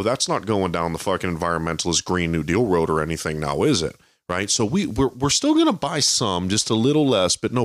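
A man's voice: low-pitched, no echo, studio quality. A man co-hosting a podcast, ranting heatedly about politics, swearing constantly and mocking others with impressions. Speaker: podcast co-host. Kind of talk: profane political rant.

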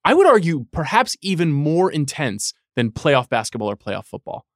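A man's voice: fairly high pitch, sing-song, normal speed, no room sound, studio quality. A man on a sports podcast panel, arguing an outlandish take with mock seriousness in casual debate.

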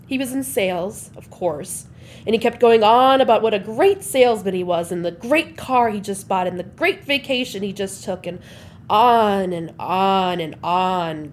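A woman's voice: medium pitch, a little hiss or hum. A woman performing a comic monologue, telling her story in a wry, sarcastic way.

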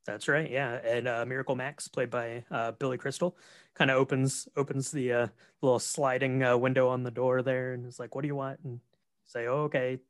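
A man talks through a movie's story in a relaxed, rambling way, leaning on fillers. His voice sits at a middling pitch, and the recording is dry and close. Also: fairly quick, no echo. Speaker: podcast co-host. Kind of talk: casual movie recap chat.

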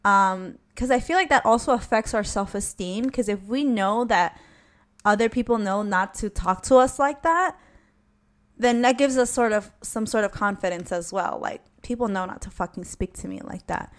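Frank, animated young woman host. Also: medium pitch, normal speed. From Latina. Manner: frank, animated, swears casually, acts out her own comebacks. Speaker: podcast host. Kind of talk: casual advice chat.

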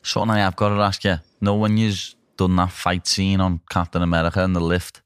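A man's voice: low voice, little pitch movement, fairly quick, clear, resonant tone, no room sound. A man with a Scouse accent interviewing a guest in a chatty, casual way with local slang. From Liverpool, England.

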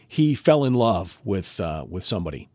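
Animated man telling a story. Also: sits low, moderate pace, no room sound. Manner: animated, acts out quoted voices. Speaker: podcast co-host. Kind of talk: casual chat, storytelling.

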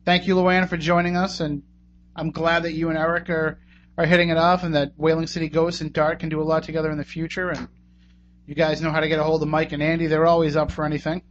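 Speaking quickly with a flat delivery and a fairly high pitch, a man closes out his radio talk show. He rambles casually, thanking guests and plugging contacts. Expect muffled audio and a faint hum.

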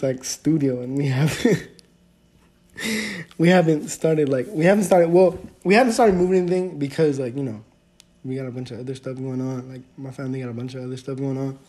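A man's voice: on the high side, warm tone. A man hosting his own podcast, chatting casually and rambling with lots of fillers and self-corrections. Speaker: podcast host. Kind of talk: casual solo podcast chat.

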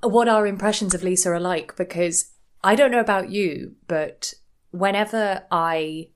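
A woman's voice: medium pitch, a little slow. A woman hosting a podcast, chatting in a wry, easy way and laughing often. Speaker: podcast host. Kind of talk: casual podcast chat.

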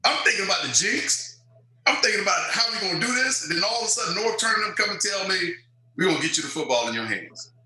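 A man's voice: high voice, fast talker, echoey room, low-quality recording. A man, telling stories as an interview guest and acting out quotes. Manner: animated storyteller, acts out quotes. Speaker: guest, former football player. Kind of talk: storytelling interview.

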